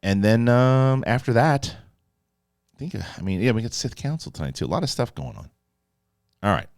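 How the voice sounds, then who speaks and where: A man doing a casual spoiler review of a TV episode, animated and joking, with loose profane talk and bits where he acts out the characters. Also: mid-range voice, no echo, clean studio sound. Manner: animated, acts out characters in quick put-on voices. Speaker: film and TV reviewer.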